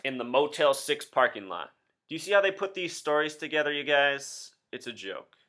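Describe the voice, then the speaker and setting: A man's voice: fairly high pitch, sing-song, moderate pace, pushed and bright. A man in his thirties hosting a solo commentary video, talking insistently to his viewers with rhetorical questions. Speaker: video host.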